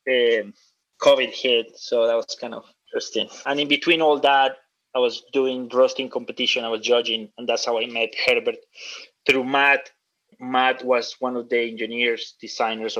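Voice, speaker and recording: A relaxed man chatting as an interview guest, rambling through stories in a casual, friendly way and calling people dude and man. His voice sits at an ordinary pitch. The sound is somewhat dull and lo-fi. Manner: loose, storytelling, says dude and man a lot. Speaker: guest, coffee roaster.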